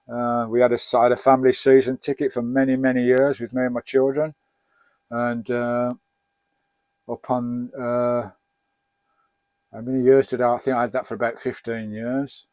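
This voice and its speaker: A man's voice: medium pitch, a little mellow, no room sound. A middle-aged man from Birmingham with an English accent, answering viewer questions in a chatty, rambling and jokey way. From Birmingham, England. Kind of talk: casual chat.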